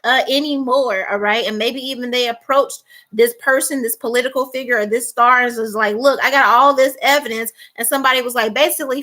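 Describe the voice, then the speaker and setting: A woman's voice: sits high, fairly quick, sharp tone. A woman giving a tarot reading, emphatic and repeating "okay?" and "all right?", acting out the people she quotes. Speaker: tarot reader.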